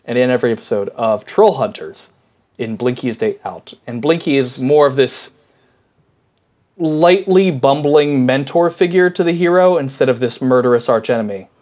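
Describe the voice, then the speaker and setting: Casual and enthusiastic, a male podcast co-host rambles through the conversation with plenty of fillers. He talks at a normal speed in a medium-pitched, slightly mellow voice.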